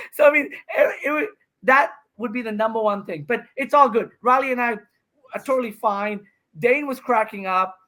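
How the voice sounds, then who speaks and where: A man in his fifties, a podcast guest, telling an animated story and acting out what he said in a raised voice. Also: very high-pitched, normal speed. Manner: excited, acts out his own quotes with raised voice. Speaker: guest, professional pickleball player.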